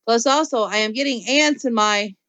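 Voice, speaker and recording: A woman voicing an excitable, bossy little kindergarten girl in an audiobook, squealing and pleading. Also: a little high, moderate pace, dry recording, pitched above the performer's own voice. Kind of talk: audiobook character voice.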